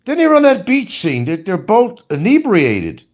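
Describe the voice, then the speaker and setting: A man's voice: high-pitched, huge pitch swings, a little slow. A man ranting angrily in commentary, swearing often and firing scolding rhetorical questions. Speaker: commentary streamer.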